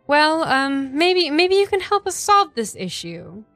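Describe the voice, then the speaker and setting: A woman's voice: sits high, sing-song, a little slow, fairly bright tone, dry recording, soft background music. A woman running a tabletop role-playing game as game master, narrating hesitantly with many fillers. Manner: hesitant, full of fillers, laughing easily.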